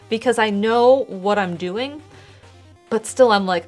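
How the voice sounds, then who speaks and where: A woman's voice: mid-range voice, normal speed, soft background music. A young woman streaming her art, chatting casually and explaining her painting steps as she works. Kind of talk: casual chat while painting.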